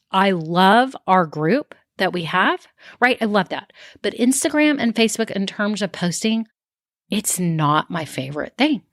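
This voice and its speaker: A middle-aged woman hosting a casual solo podcast as a business coach, chatty and acting out her own thoughts in quick asides. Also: medium pitch, a bit bright, no room sound, clean studio sound.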